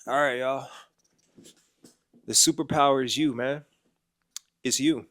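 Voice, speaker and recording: A man in his twenties, a clothing brand owner with a blocked, nasal voice, gives a casual motivational talk full of slang, and his loudness rises and falls from phrase to phrase. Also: mid-range voice, fairly even intonation, a little slow. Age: 20s. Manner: slangy and emphatic, often saying bro and man. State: congested, nasal voice.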